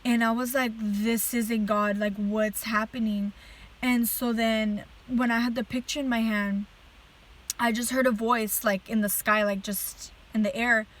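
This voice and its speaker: A woman's voice: on the high side, normal speed, low-quality recording. A woman telling a dream as a religious testimony in a casual, earnest way, full of "like" fillers. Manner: chatty, heavy use of "like" fillers; earnest and animated while retelling a dream. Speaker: person giving a religious testimony. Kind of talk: casual storytelling to camera.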